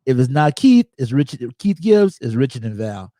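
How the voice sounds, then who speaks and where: A man hosts a casual movie review conversation, relaxed and easygoing, drifting into personal stories. His voice sits at a middle pitch. The sound is close and dry, with no room around it. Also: moderate pace, dry recording. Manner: easygoing, tells personal anecdotes. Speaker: host.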